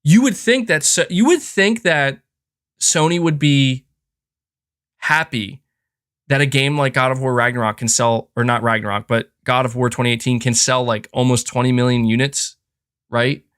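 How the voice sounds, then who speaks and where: Speaking at a moderate pace, this podcast host has a medium-pitched voice that's fairly bright, clear and resonant. He chats casually with opinions, ranting in frustration and stumbling through plenty of fillers and restarts.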